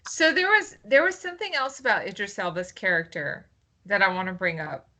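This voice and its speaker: A woman's voice: medium pitch, expressive, brisk, pushed and bright. A woman co-hosting a casual film review chat, playful and exaggerated in her reactions. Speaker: podcast co-host.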